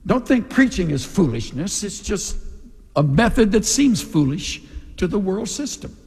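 A male pastor preaching a sermon in an animated way, often acting out the voices of the people he quotes. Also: high voice, slightly rough. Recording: long reverb of a large hall.

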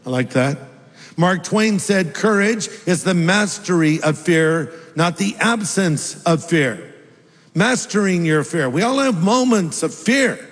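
A man's voice: high voice, lively intonation, takes it slowly, long reverb tail. A man preaching a sermon as a pastor, conversational and humorous, acting out bits of dialogue.

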